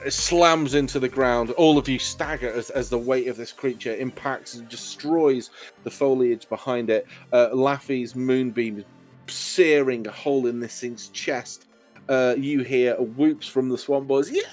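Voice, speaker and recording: A man runs a tabletop game, rambling through his narration with plenty of ums and restarts. His voice sits at an ordinary pitch, with faint music playing underneath. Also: darkish tone. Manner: loose, rambling narration with many fillers. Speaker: game master.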